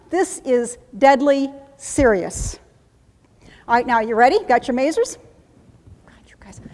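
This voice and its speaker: A woman trainer leading a live workshop demonstration, coaching briskly and chanting phrases in steady repetition. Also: high-pitched. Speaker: trainer teaching combat medics. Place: conference room. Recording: echoey hall from a live conference.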